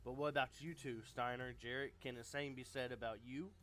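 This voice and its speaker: A man's voice: mid-range voice, fairly even intonation, brisk, a bit bright, lightly acted. A man voicing a confrontational male wrestling faction leader, grumbling and blunt, near his own voice.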